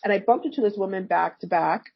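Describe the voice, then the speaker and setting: Husky-voiced woman telling stories. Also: mid-range voice, quick pace, no echo, muffled recording. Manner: animated storyteller who acts out quoted dialogue. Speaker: podcast guest, therapist and energy healer. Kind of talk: casual storytelling interview.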